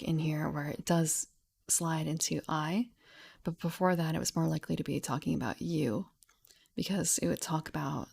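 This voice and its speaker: A young woman streamer reading a game rulebook aloud at home into a studio mic, softly and half-whispered, with chatty asides. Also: low voice, vocal fry. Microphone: studio mic with pop filter.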